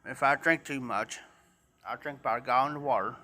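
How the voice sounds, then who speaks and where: A man's voice: medium pitch, a little fast, sharp tone. A man telling a rambling, repetitive story to viewers in a casual live stream. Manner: rambling, repeats himself, talks straight to viewers.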